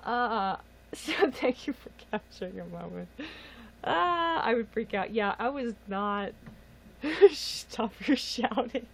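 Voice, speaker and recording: A woman's voice: a little high, animated, slow, creaky, poor audio. A young woman on a casual livestream, telling a story in a chatty, exasperated way and laughing often. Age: young adult. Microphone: webcam or phone mic.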